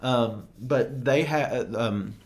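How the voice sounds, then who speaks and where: A man co-hosting a podcast in casual chat, rambling and hesitant with many fillers, playful and quick to laugh. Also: mid-range voice. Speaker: podcast co-host.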